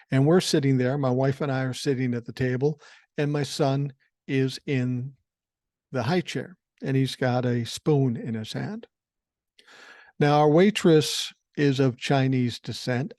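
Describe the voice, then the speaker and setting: A man's voice: mid-range voice, darkish tone, no echo, clean studio sound. Blunt, wry older man. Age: 60s. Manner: blunt, profane, wry anecdotes. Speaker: podcast host. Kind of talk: casual storytelling. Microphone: podcast microphone.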